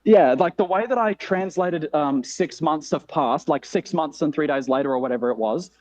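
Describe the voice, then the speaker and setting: A man on a video call talks through his work in a loose, filler-heavy way. His voice sits a bit high for a man. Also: a little fast, darkish tone, no room sound, low-quality recording. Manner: explains with many fillers and laughs. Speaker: relay participant. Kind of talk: casual group video call.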